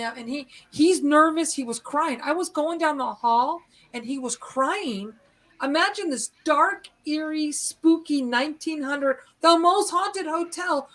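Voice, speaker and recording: Rambling, animated woman telling a story. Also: high-pitched. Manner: rambling, animated, acts out moments. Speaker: host. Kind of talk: live-stream storytelling.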